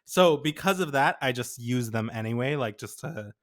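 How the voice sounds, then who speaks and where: A man's voice: mid-range voice, expressive, normal speed. A young adult man, a podcast co-host, chatting casually and telling stories in a rambling way full of fillers. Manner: rambling, filler-heavy storytelling. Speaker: podcast co-host, graphic designer.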